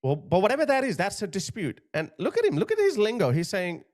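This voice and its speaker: A man's voice: high voice, wildly swooping pitch, fast, hardly any pauses, darkish tone. A male commentator giving emphatic, indignant opinion commentary on a video he plays. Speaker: political commentator.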